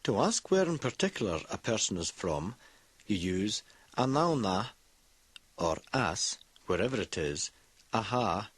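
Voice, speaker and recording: A man narrating a scripted language lesson, explaining grammar slowly and repeating each example word. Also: on the low side, sing-song, no room sound. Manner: slow, clear explaining with repeated example words. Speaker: language teacher.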